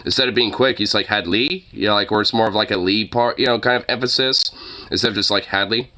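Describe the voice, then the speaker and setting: A man's voice: on the low side, steady tone, quick pace, pushed and bright. A young man reacting to news clips in a casual, exasperated way, swearing a lot and rambling with fillers. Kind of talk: casual profane reaction commentary.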